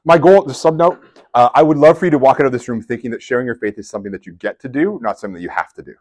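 A man giving a sermon in a conversational, animated storytelling way, with casual asides to his listeners. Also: mid-range voice, very fast. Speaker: preacher.

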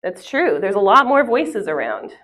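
A woman's voice: medium pitch, big pitch swings, moderate pace, a bit bright. A woman teaching a church group in a conversational way, asking the audience questions and telling a family story. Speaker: women's ministry speaker. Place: church hall with a live audience.

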